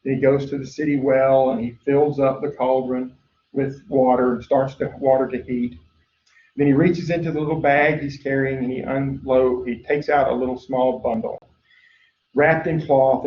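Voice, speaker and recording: The speaker is a man lecturing on biology, his mid-range voice heard from a distant mic. Chatty and prone to "uh," he wanders off into tales and acts out the voices in them. Expect room echo, a dull lo-fi quality, and faint hiss.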